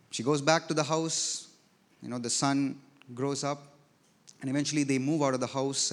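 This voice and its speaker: A man preaching a sermon in a church. His voice is mid-pitched. He tells the story as a preacher, swelling and dropping his loudness to stress each point. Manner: storytelling preacher, rises and drops in loudness for emphasis. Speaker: pastor. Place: church sanctuary.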